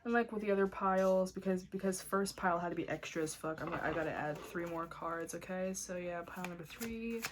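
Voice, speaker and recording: A woman giving a casual tarot reading in a blunt, excitable way, cursing often. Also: on the low side, a little fast, hardly any pauses, background noise. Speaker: tarot reader.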